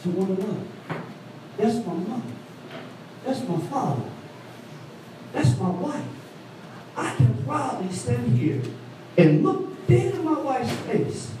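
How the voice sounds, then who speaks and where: A man preaching an animated call-and-response sermon, recorded from a distance in a church. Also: takes it slowly, pauses often, noisy background. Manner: animated call-and-response preaching, voice swooping high for quoted women. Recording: echoey hall, mic from afar.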